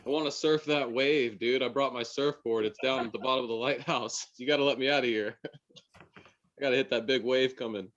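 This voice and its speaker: A man's voice: medium pitch, fairly even intonation, normal speed, fairly bright tone, dull audio. A young man in casual podcast chat, laid-back, using surfer slang and laughing.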